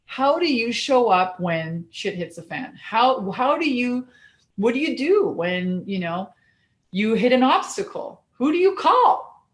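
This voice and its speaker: A woman business coach giving an energetic, blunt motivational talk, swearing casually as she goes. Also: a little high, a little slow, roomy sound.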